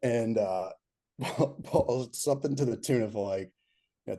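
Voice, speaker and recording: A man telling a workplace story in a casual, lively way, laughing as he goes and acting out what others said. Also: medium pitch, unhurried. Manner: lively storyteller, laughs mid-sentence, acts out quotes. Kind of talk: casual anecdote.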